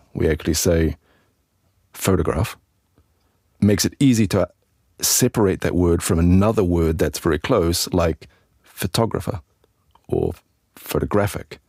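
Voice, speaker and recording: A man hosting a podcast lesson as an English teacher, explaining in a relaxed, chatty way with asides to the listener. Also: low-pitched, normal speed, dry recording, studio quality.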